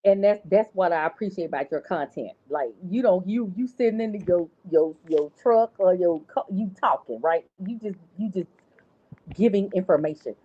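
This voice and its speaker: A woman's voice: fairly low pitch, animated, moderate pace, warm tone, dull audio. Middle-aged woman calling in, earnest. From North Louisiana. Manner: earnest, repeats words while searching for them. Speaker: caller. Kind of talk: casual call-in chat.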